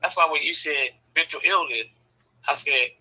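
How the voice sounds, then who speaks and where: A man from Southern California telling personal stories in a casual, animated way, swearing freely and acting out the voices he quotes. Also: on the high side, normal speed, husky, low-quality recording. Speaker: speaker sharing personal stories. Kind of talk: casual storytelling.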